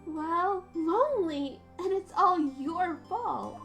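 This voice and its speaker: A woman's voice: extremely high pitch, lively intonation, slow, a bit bright, voice pushed up, full character voice. A woman voicing a bubbly teenage girl who teases her older sister in a perky way. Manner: perky, teasing. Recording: game music behind.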